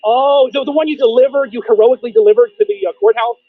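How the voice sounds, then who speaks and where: A man hosting a call-in stream, grilling a caller with sarcastic, accusing rapid-fire questions. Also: very high-pitched, steady tone, no echo, narrow, tinny audio. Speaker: stream host. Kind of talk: heated confrontational call-in argument.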